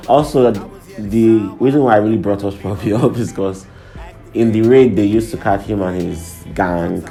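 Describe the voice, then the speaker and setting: A man's voice: on the low side, creaky, warm tone. A young man hosting a profane, irreverent comedic monologue, laughing between lines. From Nigeria. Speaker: host. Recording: faint background music.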